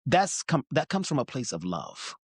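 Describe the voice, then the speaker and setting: A man's voice: mid-range voice, normal speed, husky, no echo, clean studio sound. A man from Alabama, an actor, speaking earnestly and expressively in a casual interview. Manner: warm-hearted, expressive, earnest. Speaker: actor in a stage musical.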